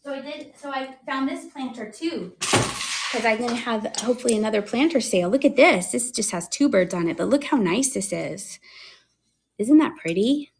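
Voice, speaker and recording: Husky-voiced chatty woman seller. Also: a little high, normal speed. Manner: chatty and excitable, laughs often. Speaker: live online seller showing thrift finds. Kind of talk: casual live-stream chat.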